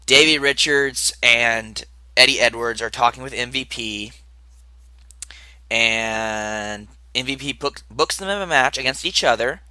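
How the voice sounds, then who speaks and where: A man's voice: mid-range voice, a little slow, pushed and bright, clear, resonant tone, no room sound. A young man recapping a wrestling show in a casual, rambling podcast style, with asides and muttered remarks.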